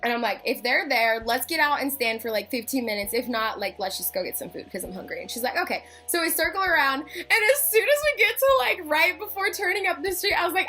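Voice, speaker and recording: A woman's voice: high voice, lively intonation, fast, hardly any pauses, bright, forceful tone. A young woman telling a story casually, full of "like" and acted-out quotes. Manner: chatty, fillers of "like", acts out quotes. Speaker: vlogger.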